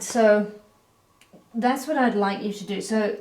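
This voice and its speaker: A woman giving a relaxed, chatty painting critique as an art teacher, correcting herself as she goes. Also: mid-range voice, slow. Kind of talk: painting critique, talking while pointing. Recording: echoey room.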